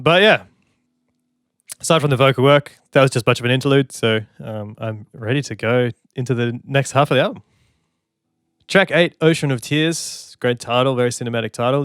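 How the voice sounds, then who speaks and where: A man's voice: mid-range voice, a bit bright, smooth, dry recording, clean studio sound. A man, a songwriter, giving casual, enthusiastic commentary on an album and scatting melodies as he talks. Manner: enthusiastic, chatty, hums and scats melodies. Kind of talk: casual music reaction commentary.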